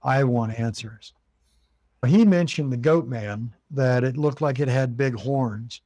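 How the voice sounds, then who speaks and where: Speaking slowly in a warm, medium-pitched voice without echo, a U.S. man tells an interviewer a long story about his haunted cabin. He relives past conversations by acting out each person's words.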